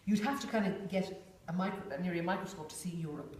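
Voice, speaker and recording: A woman with a lowish, slightly mellow voice talks quickly as she runs a workshop group, keeping it chatty and informal with plenty of "you know" and little acted-out voices. She's the facilitator, in a big echoey room with the group. A distant room mic picks her up from far away, with faint hiss and lots of echo.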